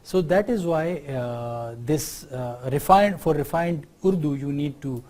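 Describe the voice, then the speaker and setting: Mellow Pakistani man lecturing. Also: a little high, lively intonation, unhurried. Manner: explanatory, often adds tag questions to check understanding. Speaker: university lecturer. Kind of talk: university lecture.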